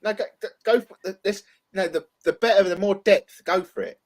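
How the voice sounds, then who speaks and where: A man's voice: high voice, brisk. A man co-hosting a casual talk show. He eagerly interprets a dream, stumbling over repeated words. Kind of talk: casual chat.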